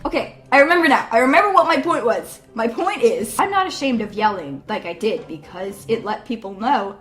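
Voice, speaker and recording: Animated, loud young woman vlogger. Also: fairly high pitch, fairly quick, few pauses, soft background music. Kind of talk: casual storytelling to camera.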